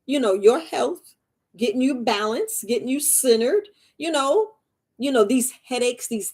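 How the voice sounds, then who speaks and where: Woman herbalist on a live, kinda high voice, laughs a lot, keeps repeating stuff. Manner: chatty, laughs often, repeats phrases. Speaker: herbalist hosting a live stream. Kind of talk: casual live-stream talk to viewers.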